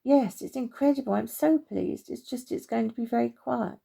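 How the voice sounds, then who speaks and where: An eager young character speaks earnestly and excitedly, voiced by a woman. His voice is pitched a little high and sounds gravelly. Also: moderate pace, full character voice.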